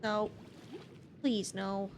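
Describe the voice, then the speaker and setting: A woman's voice: medium pitch, steady tone, drawn-out words, a little hiss or hum. A woman YouTuber giving casual gameplay commentary at her desk mic, easily exasperated and breaking into outbursts and laughs. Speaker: gaming YouTuber.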